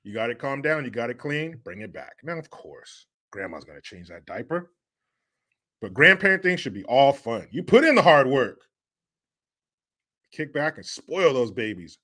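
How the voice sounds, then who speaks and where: A man hosts a casual livestream, reading viewers' comments aloud and answering them with profane banter. His bright voice swings widely in pitch as he teases rival fans. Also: sing-song, moderate pace. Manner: loud, profane banter with frequent laughter; teasing rival sports fans. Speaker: livestream host reading chat. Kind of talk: casual chat.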